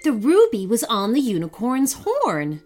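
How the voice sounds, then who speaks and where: A woman host reading a sponsor spot and narrating a children's story in a gentle, expressive read-aloud way. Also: on the high side, unhurried, soft background music.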